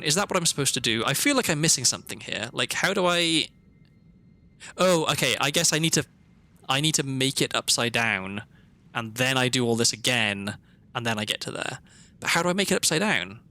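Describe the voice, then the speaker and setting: A man's voice: medium pitch, big pitch swings, brisk, gravelly, bright, forceful tone. A man from Wales, chatting casually as he streams a game and thinks aloud, with lots of fillers and restarts. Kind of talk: casual live gameplay commentary. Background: faint background music.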